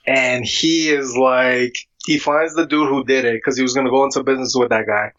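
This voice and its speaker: A man's voice: mid-range voice, fairly even intonation, a little fast, a bit bright. A man in casual chat, talking in a laid-back, slangy way. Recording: dull lo-fi sound.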